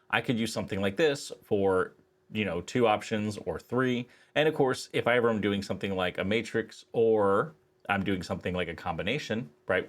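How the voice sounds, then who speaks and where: A man's voice: fairly low pitch, fairly bright tone. A man teaching statistics, casually walking through an equation editor step by step, with frequent fillers. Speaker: statistics instructor. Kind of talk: screen-recorded software tutorial.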